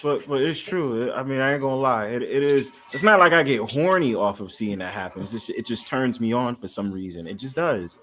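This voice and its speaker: A man talking as a guest on a casual livestream panel, boastful and profane, laughing and often trailing off quietly. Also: medium pitch, animated, a little fast, hardly any pauses, a crowd in the background.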